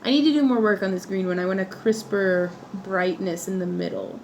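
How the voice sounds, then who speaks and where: A woman's voice: medium pitch, a little fast, creaky, a little mellow, a little hiss or hum, low-quality recording. A woman hosting a craft livestream from her home workspace, chatting playfully and laughing often as she works. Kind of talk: chatty livestream while working.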